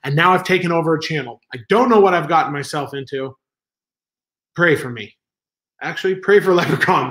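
Guy rambling on a home livestream, kinda high voice, jokey and self-mocking. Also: pushed and bright. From Southern California. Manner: rambling, self-mocking, reads chat aloud. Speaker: livestream stand-in host. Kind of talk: casual live-stream chat.

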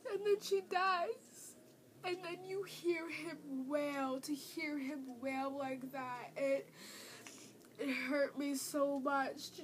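A woman's voice: high voice, fairly bright tone, slight background noise. Nasal-voiced woman rambling about a drama. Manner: emotional, rambling, many fillers. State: congested, nasal from a cold. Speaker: drama reviewer. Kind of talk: casual spoken review. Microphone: tablet built-in mic.

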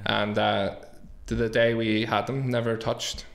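A man's voice: fairly low pitch, little pitch movement, unhurried, creaky. Belfast man telling stories. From Northern Ireland. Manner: swears freely, tells stories with quoted dialogue. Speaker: guest, business owner. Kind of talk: casual storytelling.

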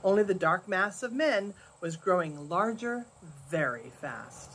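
An older woman, a grandmother, reading a storybook chapter aloud in a soft, measured way. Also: fairly low pitch, animated, a little hiss or hum.

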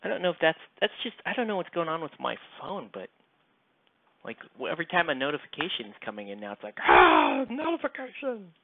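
A man's voice: a little high, lively intonation, fast talker, creaky. A man live streaming while he paints miniatures, chatting casually and rambling with many fillers into a headset mic. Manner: rambling, self-deprecating, lots of fillers. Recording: tinny phone-like sound.

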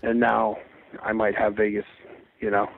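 A man's voice: fairly low pitch, normal speed, creaky. Man in his forties on a tinny phone line. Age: 40s. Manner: animated storyteller who acts out quotes, swears freely. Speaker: stand-up comedian and actor guest. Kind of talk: casual podcast chat.

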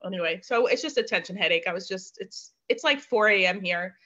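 A woman's voice: medium pitch, lively intonation, fairly quick, pushed and bright, dull audio. A woman chatting on a video call, bubbly and laughing often. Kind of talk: casual video call chat.

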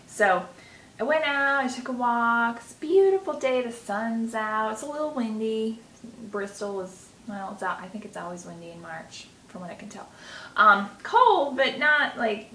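Chatty vlogger lady, bright sharp voice, kinda rambly, echoey room w/ a little hiss. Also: fairly high pitch. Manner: chatty, rambling storyteller with many fillers. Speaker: self-help vlogger teaching EFT tapping. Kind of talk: casual talk to camera. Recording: roomy echo with faint noise.

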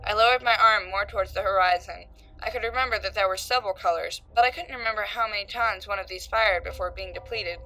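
A woman narrating a creepypasta horror story, voicing its characters with shifts in pitch and loudness. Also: fast talker, low-quality recording. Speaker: creepypasta reader. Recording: faint background music.

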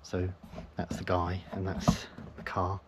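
Deep-voiced man rambling in a noisy campsite. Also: completely flat delivery, takes it slowly. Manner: rambling, chuckling, sometimes hushed to avoid being overheard. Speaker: vlogger. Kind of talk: casual camping vlog chat. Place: in a van at a forest campsite, outdoors. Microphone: handheld camera. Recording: noisy outdoor ambience.

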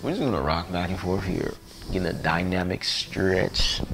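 A man guiding a yoga class, relaxed and playful, sighing and joking between cues. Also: sits low, normal speed, a little hiss or hum. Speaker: yoga instructor. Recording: music playing behind voice.

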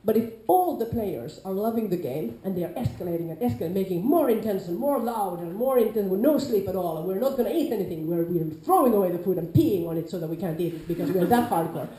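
A woman with a Nordic accent giving an informal lecture to a class, lively, acting out quoted players with sudden loud calls. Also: medium pitch, fast, hardly any pauses, a little hiss or hum. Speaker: lecturer on larp safety. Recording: echoey lecture room.

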